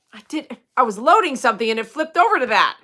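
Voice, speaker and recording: A woman's voice: on the high side, big pitch swings, a little fast, pushed and bright. A woman, a dog groomer chatting casually on a livestream, rambling and joking with her viewers as she reads their comments.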